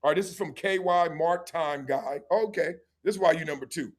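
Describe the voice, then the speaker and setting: A man, hosting a livestream and telling lively stories, acting out voices and laughing often. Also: a little high, a little fast. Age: 50s. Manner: animated storyteller, acts out voices, laughs often. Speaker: show host. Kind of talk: livestream storytelling and chat.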